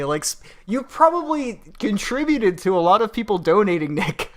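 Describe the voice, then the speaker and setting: A man's voice: high voice, big pitch swings, moderate pace, a bit bright. A man co-hosting a casual late-night stream, wry and teasing, laughing along with his partner. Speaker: co-host.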